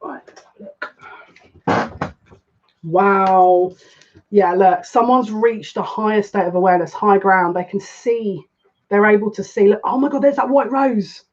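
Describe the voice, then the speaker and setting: Chatty woman as a psychic card reader, mid-pitched voice, dull lo-fi recording. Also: moderate pace, darkish tone. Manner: chatty, with emotional asides, reads aloud from a card book. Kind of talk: live tarot reading.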